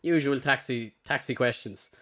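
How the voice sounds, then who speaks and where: A man's voice: mid-range voice, normal speed, crowd noise. An Irish man hosting a podcast, telling a long, rambling anecdote in a casual way and slipping into the voices of the people in his story. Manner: rambling storyteller, slips into character quotes. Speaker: podcast host.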